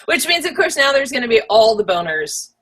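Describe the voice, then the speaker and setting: A woman co-hosting a casual chat, wry with deadpan asides and trailing restarts. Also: a little high, brisk. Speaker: co-host.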